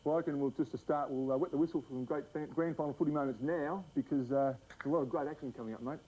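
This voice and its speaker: A man's voice: fairly high pitch, steady tone, racing, narrow, tinny audio. An Australian man hosting a casual TV chat at his house, joking with mates. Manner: joking, matey banter. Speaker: host.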